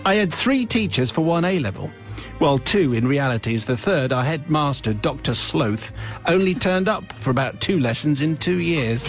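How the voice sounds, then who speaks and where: Male radio host, fairly high voice, reading a listener confession, wry playful asides. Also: lively intonation, moderate pace, faint music behind.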